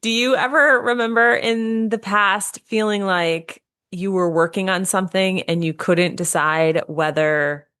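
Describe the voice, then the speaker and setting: A woman's voice: medium pitch, unhurried, hardly any pauses, a bit bright, clean tone, no room sound, studio quality. A woman co-hosting a business podcast, talking in an upbeat, conversational way. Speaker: podcast co-host. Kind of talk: casual podcast chat.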